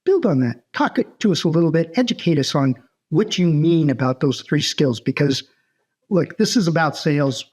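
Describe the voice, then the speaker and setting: A man's voice: a little high, lively intonation, normal speed, a little mellow. An older man hosting an interview, asking direct questions to draw out his guest. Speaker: podcast host.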